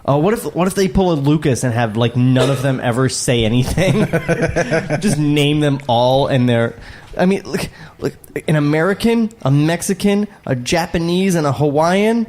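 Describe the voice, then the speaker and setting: A man's voice: fairly high pitch, lively intonation, moderate pace, a little mellow, a little hiss or hum. A man co-hosting a table read, reading stage directions and joking with his co-hosts. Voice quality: laughs often, sarcastic. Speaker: co-host reading a script. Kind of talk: casual banter at a table read.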